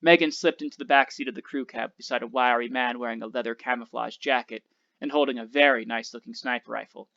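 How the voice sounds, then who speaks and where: A male teacher reads a novel aloud to his class in a steady, expressive way, on a slightly dull recording. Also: medium pitch, quick pace, gravelly.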